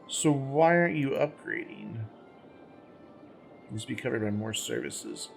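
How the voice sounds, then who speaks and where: A man's voice: mid-range voice, expressive, a little slow, gravelly, long pauses, soft background music. A man hosting a gaming channel, giving casual let's-play commentary as he plays, thinking aloud, rambling and correcting himself, with the hiccups.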